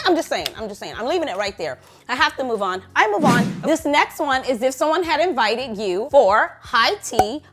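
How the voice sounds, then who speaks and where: A woman vlogger gushing over perfumes in a casual, playful chat with her viewers. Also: mid-range voice. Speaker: beauty vlogger.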